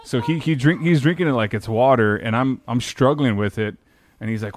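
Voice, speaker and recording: A man's voice: mid-range voice, fairly quick, no room sound. A man, telling a rambling, profane story in casual chat. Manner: rambling storyteller, swears freely.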